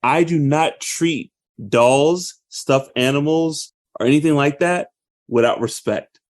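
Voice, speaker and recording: Guy in his 30s on a podcast, telling stories all animated and laughing. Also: on the high side, slow pace. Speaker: podcast co-host. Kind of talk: casual chat.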